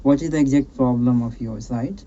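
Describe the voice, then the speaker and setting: A man's voice: mid-range voice, normal speed, dark tone, muffled recording. A man coaching a learner on a call, encouraging and repetitive, often checking in with "right?". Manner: encouraging, repetitive, peppers speech with "right?" and "you know". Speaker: English speaking coach hosting a practice call. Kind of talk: casual advice chat on a call.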